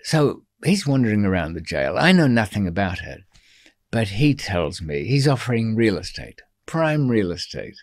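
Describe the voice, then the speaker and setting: Older man, low voice, dry close studio sound, wry rambling anecdotes, lots of ums. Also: big pitch swings, normal speed, no room sound. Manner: dry, wry storyteller with frequent ums and restarts. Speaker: interview guest. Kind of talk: storytelling in a long-form interview.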